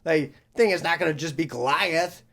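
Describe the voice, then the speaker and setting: A man's voice: a little high, normal speed, a bit bright. A young man co-hosting a podcast, telling rambling stories in casual chat and acting out the voices of the people he quotes. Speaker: podcast co-host.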